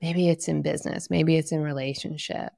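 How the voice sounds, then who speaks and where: A woman's voice: low-pitched, fairly even intonation, brisk, vocal fry, dark tone, no room sound, clean studio sound. A woman guest talking in an earnest, reflective way on a podcast, sometimes dropping to a near whisper. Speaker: guest, wellness author. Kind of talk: casual conversation.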